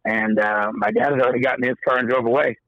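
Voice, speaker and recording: A man's voice: mid-range voice, steady tone, fast, dry recording, dull audio. A man, a podcast guest, telling a story in a casual, profane way and acting out the quoted dialogue. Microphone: podcast microphone.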